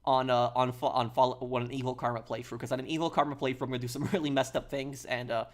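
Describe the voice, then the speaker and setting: A man streaming a game, chatting casually and haltingly, reading out and answering chat. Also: medium pitch, flat delivery.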